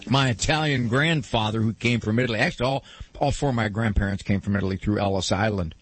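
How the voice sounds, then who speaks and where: A man's voice: on the low side, quick pace, faint music behind. A man hosting a call-in talk show, who talks to callers in a playful, teasing way. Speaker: radio talk show host.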